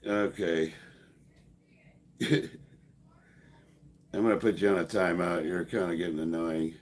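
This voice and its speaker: A man's voice: deep voice, steady tone, unhurried. A man in his fifties, a powerlifter chatting casually on a live stream, sarcastic and profane, laughing often. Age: 50s.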